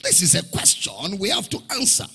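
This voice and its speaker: Man, high lively preaching voice, bright and a bit husky, reverberant hall, faint music. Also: brisk. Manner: emphatic, repetitive rhetorical questions, sing-song preaching cadence. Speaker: pastor. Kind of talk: sermon.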